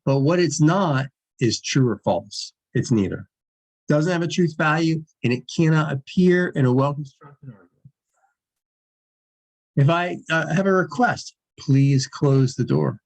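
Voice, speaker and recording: A man's voice: a little high, expressive, unhurried, rough recording. A man teaching an introductory logic lecture in a conversational way, restarting and repeating himself for emphasis. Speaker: philosophy lecturer.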